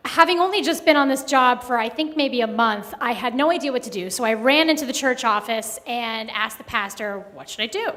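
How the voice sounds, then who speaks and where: A woman telling a personal story live at a story slam, conversational with many pauses and fillers. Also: on the high side, fairly bright tone. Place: live event hall. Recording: long hall reverb.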